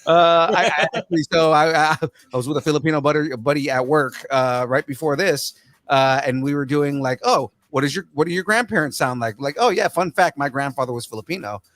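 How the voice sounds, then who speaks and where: A man hosts a casual podcast, rambling and excitable as he hypes sponsors and jokes around. His voice sits fairly high, and the recording is close and dry. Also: a little fast, dry recording. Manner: excitable, rambling, laughs easily. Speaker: podcast host.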